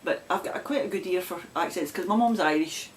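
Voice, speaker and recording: A Scottish woman with a broad Glasgow accent hosts a knitting podcast, chatting casually to camera with frequent laughs and rambling asides. Her voice is fairly low and brisk, with slight background noise.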